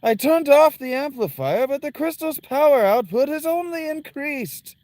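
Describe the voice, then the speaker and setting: A man voicing an excitable male game character in a high put-on voice, reading on-screen dialogue aloud. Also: normal speed, no echo. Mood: alarmed.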